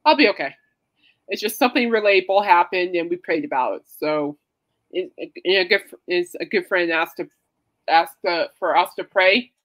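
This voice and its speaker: A woman hosting a casual podcast, tearful and halting as she talks and leads a prayer, trying not to cry. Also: fairly low pitch, fairly bright tone, poor audio. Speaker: podcast host. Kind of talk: casual chat and spoken prayer.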